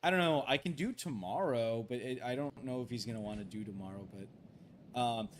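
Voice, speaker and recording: A man's voice: medium pitch, normal speed. A man streaming a game late at night, rambling with many fillers and restarts, and swearing and pleading when things go wrong. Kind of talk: casual late-night gaming livestream chat.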